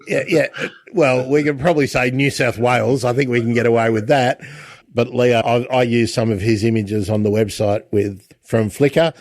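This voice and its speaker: A man's voice: medium pitch, fairly even intonation, normal speed, no echo. A man hosting an interview in a chatty way, often restarting his sentences. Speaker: podcast host. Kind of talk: casual interview chat.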